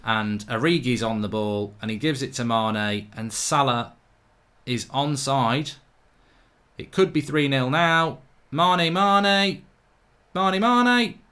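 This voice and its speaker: A man's voice: mid-range voice, slow pace, fairly bright tone. A man hosting a live football watchalong stream, talking in a chatty, jokey, rambling way with lots of fillers. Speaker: football channel host. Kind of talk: live match watchalong chat. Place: home studio, with a guitar.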